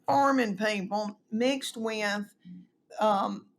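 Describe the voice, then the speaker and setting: A middle-aged woman, telling animated stories and acting out quoted voices in a casual chat. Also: medium pitch, very slow, a little hiss or hum. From East Tennessee, US. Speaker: comedian guest.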